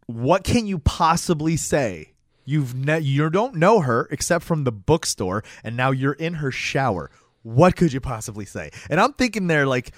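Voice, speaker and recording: A man co-hosting a podcast, recapping a TV show in casual chat, rambling with restarts and chiming in with quick agreement. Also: mid-range voice, big pitch swings, no echo, studio quality. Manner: conversational, rambling restarts, frequent agreeing interjections. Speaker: podcast co-host.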